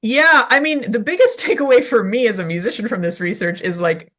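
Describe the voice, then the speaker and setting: A woman violist and researcher, a guest in a casual interview, explaining research in an animated, chatty way with many "like"s and "right?"s. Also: a little high, fairly quick.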